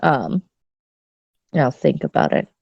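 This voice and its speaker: A woman's voice: rumbling low, sing-song, slow, vocal fry, darkish tone, dry recording. A woman co-hosting a podcast, chatting candidly and bawdily with many restarts. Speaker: podcast co-host. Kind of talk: casual chat. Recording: dull lo-fi dry sound.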